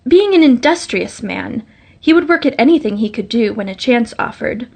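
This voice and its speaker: Woman storyteller, fairly high voice, gentle and measured, fairytale audiobook. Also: animated, vocal fry.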